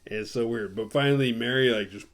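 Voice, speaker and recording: A man's voice: mid-range voice, quick pace, a little hiss or hum. Sarcastic rambling man recapping a film. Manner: rambling and profane, with sarcastic asides. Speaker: horror movie review podcast host. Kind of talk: casual spoiler-filled movie recap.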